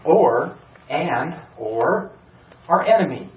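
Speaking slowly and expressively in a slightly high voice, a male pastor delivers an earnest sermon in a church sanctuary. He presses toward urgent emphasis with rhetorical questions, while the roomy, distant, slightly dull recording holds faint background noise.

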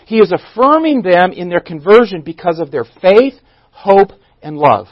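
A man with a high voice teaches a Bible passage in a church. He asks his listeners questions, stumbles and restarts, and stresses key words. The recording is dry and muffled. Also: very animated, moderate pace, no echo. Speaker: pastor teaching a Bible study. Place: church room.

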